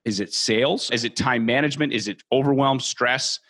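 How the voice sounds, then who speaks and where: A man talks at a brisk clip, earnest and encouraging as a training host. He speaks straight to his listeners. His voice sits at a middle pitch. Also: a bit bright. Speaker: host and mortgage brokerage trainer. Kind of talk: motivational training talk.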